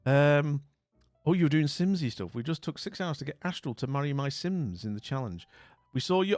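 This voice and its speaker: A talkative British man chats casually through a live stream, rambling and trailing off. His slightly high voice bounces up and down in pitch. The mic is close and dry, with faint music underneath. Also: animated, normal speed, darkish tone, no room sound. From Britain. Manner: chatty, rambling, trailing off into mumbles.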